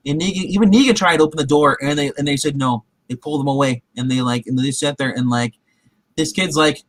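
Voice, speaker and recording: Fairly high-pitched and fairly bright, a man hosting a show recap runs quickly through a TV episode with no echo in the recording. It's a rambling, casual account with many fillers and restarts, and he voices the characters' lines himself.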